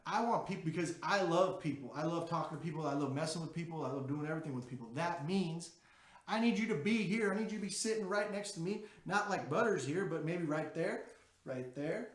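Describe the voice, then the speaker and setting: A man hosting a podcast in a brash, profane, excitable unscripted monologue. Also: a little high, fairly quick, reverberant. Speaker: podcast host.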